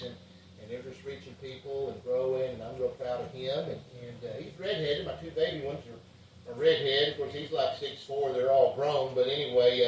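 An older pastor tells homey family stories during a revival sermon and drops an "amen" every few lines. His mid-pitched man's voice sounds from some distance in a very echoey church with faint background noise. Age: 60s. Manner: folksy, with frequent amens and fillers.

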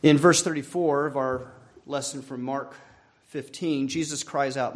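A man preaching a sermon as pastor, earnest and measured, lifting for emphasis and letting phrases fall soft at the end. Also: medium pitch, fairly even intonation.

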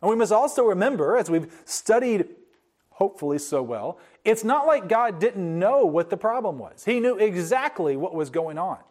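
A man preaching a sermon in an earnest, explanatory way, slowing down to stress key words. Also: sits high, lively intonation, a little mellow.

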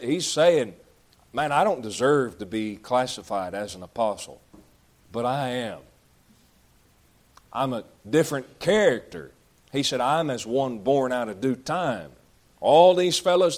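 A man's voice: mid-range voice, a little mellow. A man preaching a sermon, reading scripture aloud and explaining it in folksy, conversational asides.

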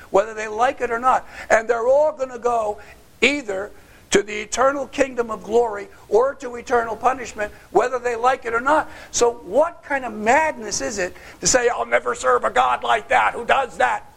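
Pastor guy preaching, kinda high voice, firing off rhetorical questions, loud then suddenly quiet. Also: vocal fry. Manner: emphatic, with sharp rhetorical questions; swings between loud challenge and quiet low asides. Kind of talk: sermon.

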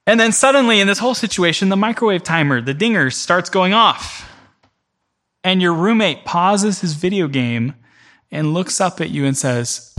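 Bright-voiced man preaching to a church class. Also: high voice, animated, moderate pace. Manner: vivid storytelling in the second person, addressing the room directly. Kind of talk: conversational teaching before a congregation.

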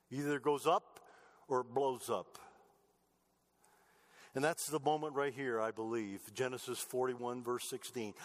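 A man preaching a sermon, building to raised emphasis and then dropping low and quiet. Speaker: pastor.

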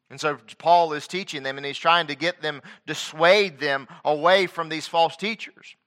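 A man preaching a sermon, reading scripture aloud and then swinging between loud emphatic stresses and quiet asides. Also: fairly high pitch. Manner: reads scripture aloud in King James wording.

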